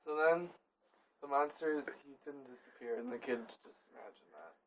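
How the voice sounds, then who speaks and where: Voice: mid-range voice, moderate pace, recorded from a distance, a little hiss or hum, poor audio. A young adult making up a comedy story among friends, giggly and rambling, often correcting themselves.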